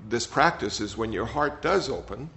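An older man, a meditation teacher, giving a gentle, rambling dharma talk that often repeats words. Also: mid-range voice, expressive, normal speed, creaky. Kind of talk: dharma talk with audience questions. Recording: slightly dull sound, faint noise.

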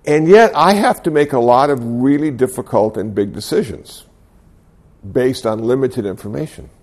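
Gravelly older man giving a dharma talk. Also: medium pitch, animated. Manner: gently humorous storytelling with self-deprecating chuckles; reflective, unhurried. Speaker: Buddhist speaker.

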